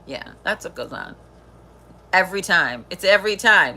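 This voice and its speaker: A woman's voice: fairly low pitch, expressive, unhurried, long pauses, sharp tone. A middle-aged woman hosting a live stream, chatting casually, swearing freely and laughing often. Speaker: livestream host.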